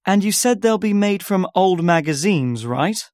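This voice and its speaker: A man's voice: high-pitched, animated, measured pace, darkish tone, no echo, clean studio sound. A man as an organizer in a scripted listening-test dialogue, repeating details back carefully. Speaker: workshop organizer.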